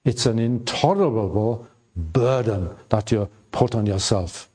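An older man preaching a sermon, halting with fillers and restarts, and stressing his points by repeating them. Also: on the low side, warm tone, slightly rough. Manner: slow, halting delivery with many fillers and repeated words; emphatic repetition when reading scripture aloud.

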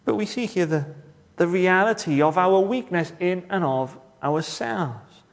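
A man preaching a sermon, measured and rhetorical, with dramatic pauses and questions to the congregation. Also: high voice, lively intonation, creaky, big-room sound.

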